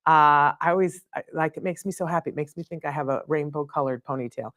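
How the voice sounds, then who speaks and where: A middle-aged woman hosting a live studio show, chatty and effusive, with fillers and quick laughs. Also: low voice, a bit bright, dry recording. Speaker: host. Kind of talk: live show opening monologue.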